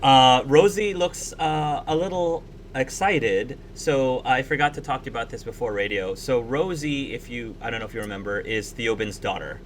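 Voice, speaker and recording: A man runs a tabletop game, narrating in a loose, chatty way and often pausing on fillers. His voice sits at an ordinary middle pitch. A faint hiss of noise sits behind him. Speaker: game master.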